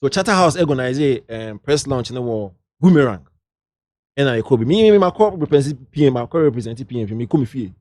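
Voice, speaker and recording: Guest, Ghanaian man, middle-aged, anecdotal and lively, dry room sound. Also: mid-range voice, fairly quick, no room sound. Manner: lively anecdotal, drifts into local slang. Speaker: guest, entertainment journalist. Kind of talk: casual interview storytelling.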